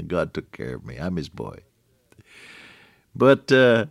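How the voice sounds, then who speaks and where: An older man giving a folksy devotional radio sermon, talking straight to the listener and swinging between hushed lows and emphatic high points. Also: big pitch swings, slow, gravelly, pauses often, no room sound, clean studio sound. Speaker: radio preacher.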